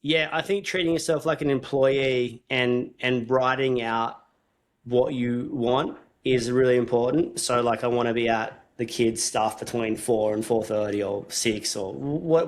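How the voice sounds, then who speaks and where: A man hosting a casual podcast chat, thinking aloud in long, rambling runs that restart mid-sentence. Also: mid-range voice. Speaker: podcast host.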